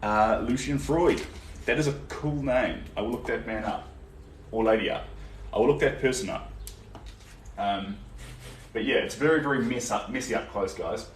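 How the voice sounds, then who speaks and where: A young man with a New Zealand accent and a mid-range voice paints during a live stream in his indoor studio, chatting in a relaxed way at normal speed with long pauses and many ums as he answers viewer comments. The audio has a roomy echo, faint background noise, and he's distant from the mic.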